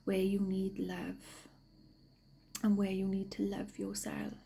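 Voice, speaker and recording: A woman giving gentle spiritual guidance, slow and often half-whispered, sniffly from a cold. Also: mid-range voice, completely flat delivery, vocal fry, rough recording. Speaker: spiritual card reader. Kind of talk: soft-spoken spiritual guidance.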